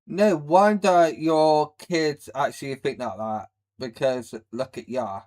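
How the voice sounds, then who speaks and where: A man reacts live to videos. His voice sits a little high and he talks slowly. He rants bluntly, rambles and mocks what he watches. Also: a little mellow. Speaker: livestream host. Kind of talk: ranting reaction commentary on a live stream.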